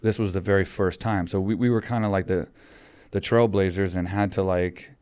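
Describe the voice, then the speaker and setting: Man, podcast host, casual chat, low-pitched, rambling with fillers. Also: fairly even intonation, normal speed, darkish tone, clear, resonant tone. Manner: rambling, many fillers and restarts.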